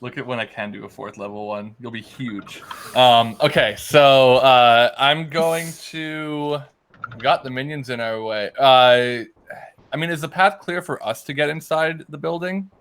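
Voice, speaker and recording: A man's voice: mid-range voice, unhurried, fairly bright tone, smooth. A man playing a tabletop game, talking through his turn with a lot of hesitation. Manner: hesitant, lots of ums while deciding. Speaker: player. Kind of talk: casual tabletop game talk.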